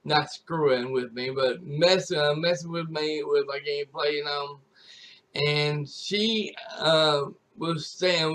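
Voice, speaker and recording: A man with a notably high voice chats to his audience as a streamer. His storytelling wanders, full of restarts and repeated phrases. The tone stays casual and unscripted throughout. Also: fairly bright tone. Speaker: gaming YouTuber and streamer.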